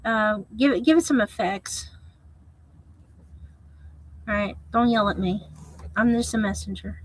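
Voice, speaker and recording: A woman's voice: medium pitch, measured pace, poor audio. A woman streamer ranting in a casual, profane, exasperated way to her viewers, then apologizing. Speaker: streamer reacting to a video.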